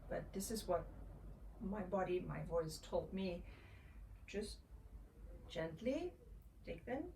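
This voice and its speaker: A woman, a mother sharing her own experiences in a gentle, reflective way, often pausing and restarting. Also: fairly low pitch. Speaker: mother sharing parenting tips. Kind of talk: casual personal storytelling. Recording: voice a little far from the mic, faint ambient noise.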